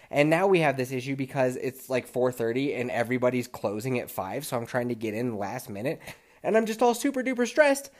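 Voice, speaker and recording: A man's voice: medium pitch, a little mellow. A man hosting a podcast, telling a dream story in casual, profane monologue, laughing often and still getting over a cold. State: lingering cold. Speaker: podcast host.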